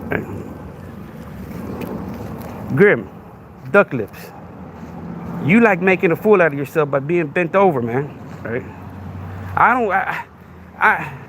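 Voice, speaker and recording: A man's voice: on the high side, fairly bright tone, a little hiss or hum. A man, hosting a podcast livestream with a crude, confrontational rant that keeps asking "right?". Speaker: podcast host.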